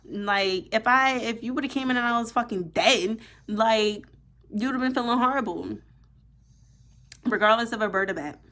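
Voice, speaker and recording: Animated, profane young woman storyteller. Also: on the high side, normal speed. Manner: animated, profane, emphatic, heavy use of "like". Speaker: vlogger. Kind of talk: casual storytime monologue.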